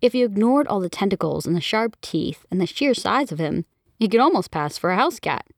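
Brief: woman narrator, animated storybook read, very dry close mic. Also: mid-range voice, brisk, no echo. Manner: expressive, even storytelling. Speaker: audiobook narrator.

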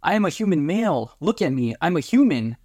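A man's voice: medium pitch, animated, moderate pace, no room sound, clean studio sound, natural voice. A man reading a story aloud, voicing a fussy male alien commander who talks in a nervous, reassuring and pedantic way. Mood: elated.

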